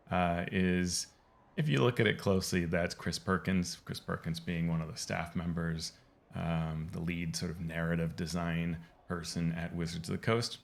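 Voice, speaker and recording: A man giving casual, rambling commentary over gameplay as he explains game lore, pausing often to restart his sentences. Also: low voice, vocal fry. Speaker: game lore video host.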